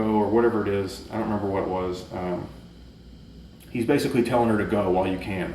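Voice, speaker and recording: A man's voice: sits low, steady tone, fairly quick, a little mellow, a little hiss or hum. A man casually reviewing a movie for his channel, rambling with lots of fillers and restarts. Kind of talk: casual chat. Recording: roomy echo, mic at a distance.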